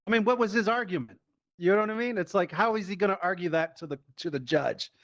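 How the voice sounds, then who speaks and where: A man doing stand-up comedy, telling a story in a lively, profane way and acting out the voices of the people in it. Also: high voice, quick pace, no room sound, dull audio. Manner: animated, profane, acts out quoted voices.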